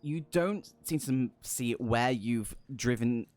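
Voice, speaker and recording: A man's voice: medium pitch, slow, darkish tone, soft background music. A man narrating a tabletop game as game master, hesitant with many fillers.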